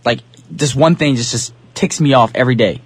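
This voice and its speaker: A man's voice: medium pitch, a little fast, husky, no echo. A man from New Jersey hosting a casual radio show in an upbeat, slangy, talkative way, speaking into a studio microphone.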